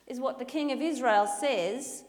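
Lively woman telling a Bible story. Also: high-pitched, measured pace. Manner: lively, playful, acts out characters. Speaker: children's storyteller. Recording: reverberant hall with faint ambient noise.

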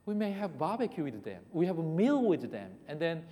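A man with a Korean accent giving a sermon, talking in a halting way that restarts and repeats words and putting questions to the congregation. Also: fairly high pitch, very animated, dark tone. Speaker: preacher. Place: church hall. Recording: reverberant hall.

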